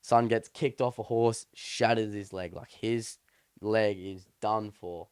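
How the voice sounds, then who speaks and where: A man's voice: on the low side, steady tone, slow, a little mellow, smooth, no echo, clean studio sound. A young man co-hosting a podcast, chatting casually and telling a story in a rambling, slangy way with many restarts. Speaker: podcast co-host. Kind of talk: casual chat.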